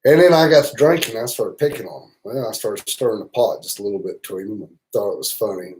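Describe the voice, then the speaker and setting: This motorcycle travel channel host talks fast in a lowish, darkish voice, and the recording quality is low. Livestreaming in his Southern US accent, he rambles through profane, teasing stories in a casual manner.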